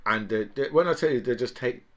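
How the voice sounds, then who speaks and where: Man, mid pitch, casual political rant, rambling, profane, filler-heavy. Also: fairly quick. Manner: rambling, full of "right?" and "you know", profane.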